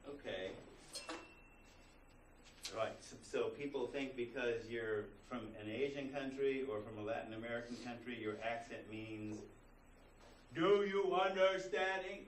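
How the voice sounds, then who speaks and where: A male college instructor talks through his lecture in a loose, conversational way, tossing rhetorical questions at the class. His voice sits at an ordinary middle pitch. The recording picks him up from across an echoey classroom, with faint room noise behind him. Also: fairly even intonation, unhurried. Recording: roomy classroom recording from a distance.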